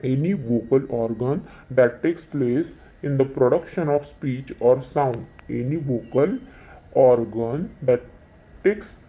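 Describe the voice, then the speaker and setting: Slow, dark-voiced man teaching. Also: mid-range voice, lo-fi sound. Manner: repeats each definition several times, drawn out. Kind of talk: slow repetitive exam-revision lesson.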